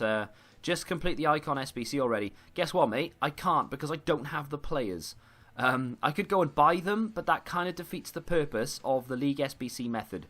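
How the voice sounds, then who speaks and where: With a bright, forceful, medium-pitched voice, this man runs live commentary on a football video game he is playing. As a gaming YouTuber, he comes across as frustrated and self-deprecating.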